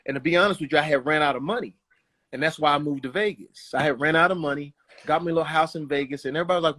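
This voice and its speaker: A man telling stories as a guest in a casual interview, animated and quick to slip into voices. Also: fairly high pitch. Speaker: guest, comedian and actor. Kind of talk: casual storytelling.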